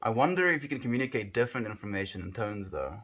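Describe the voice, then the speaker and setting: A man's voice: on the low side, lively intonation, quick pace, a bit bright. Musing South African man streaming. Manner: musing, rambling, thinking aloud with hums. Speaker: livestreamer. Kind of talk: casual livestream chat.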